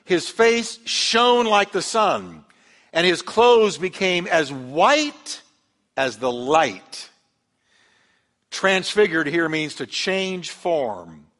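A man preaches a sermon in a fairly high voice, building up the story and putting on the voices of the people in it. The sound rings with a long reverb from a large hall. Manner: animated storytelling, acts out quoted voices. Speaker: pastor.

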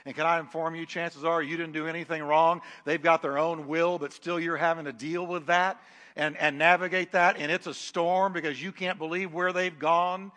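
High, bright-voiced male preacher. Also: level tone, moderate pace, big-room sound. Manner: emphatic, shifts between loud declarations and quiet asides. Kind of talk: sermon.

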